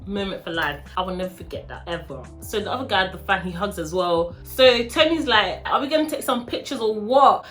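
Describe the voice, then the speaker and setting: Bright, animated woman vlogger. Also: mid-range voice. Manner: animated, dramatic storytelling. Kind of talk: storytime vlog.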